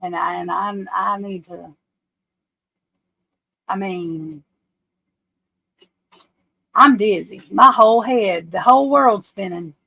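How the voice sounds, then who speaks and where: A woman's voice: mid-range voice, takes it slowly, creaky, pauses often, pushed and bright, poor audio. A woman hosting a casual livestream, anxious and flustered, often breaking off and restarting her sentences. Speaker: livestream host.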